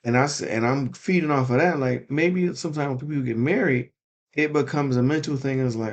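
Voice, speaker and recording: A man's voice: mid-range voice, a little fast. Young guy cohosting a podcast, laid back slangy teasing talk. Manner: casual, teasing, slangy banter. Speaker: podcast co-host. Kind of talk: casual chat.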